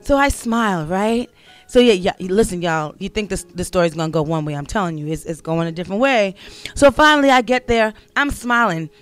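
Smooth-voiced middle-aged woman telling a story. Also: mid-range voice, brisk, soft background music. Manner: conversational, repeats herself, addresses listeners directly. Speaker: speaker sharing a personal testimony. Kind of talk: casual storytelling monologue.

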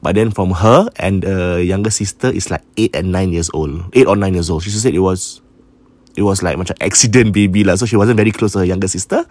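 A man's voice: low voice, a little fast, darkish tone, no room sound. Malaysian man retelling a ghost story. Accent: Malaysian English. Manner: mixes Malay and English, retells a listener's story with restarts and fillers. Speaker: horror story podcast host. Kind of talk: casual storytelling.

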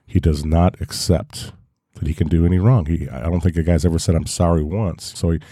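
A man's voice: sits low, fairly even intonation, brisk, warm tone, dry recording, studio quality. A man co-hosting a podcast, talking in a critical, wry way. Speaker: podcast co-host. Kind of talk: opinionated podcast chat.

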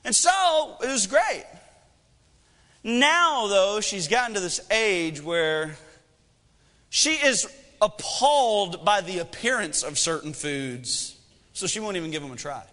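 High, bright-voiced preacher in a hall. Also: male voice, expressive, takes it slowly. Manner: conversational preaching with humor and rhetorical questions. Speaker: pastor. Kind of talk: sermon.

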